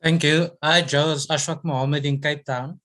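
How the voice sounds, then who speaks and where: A man's voice: a little high, fairly even intonation, moderate pace, a bit bright. A man asking a player questions at a press conference in a friendly, teasing way. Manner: friendly, teasing, laughs easily. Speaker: reporter.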